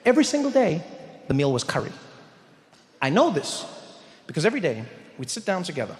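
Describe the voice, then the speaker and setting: Stand-up comic, animated storyteller, fairly high voice, long hall reverb. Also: male voice, a little fast. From South Africa. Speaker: stand-up comedian. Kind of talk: stand-up comedy set. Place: stage in a large venue.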